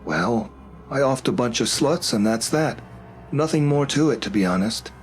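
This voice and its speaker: A man's voice: mid-range voice, lively intonation, normal speed, faint music behind, voice pushed up, close to an everyday voice. A man voicing a detached, haughty young man who is a dead serial killer, speaking coldly and dismissively. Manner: cold, dismissive, sneering.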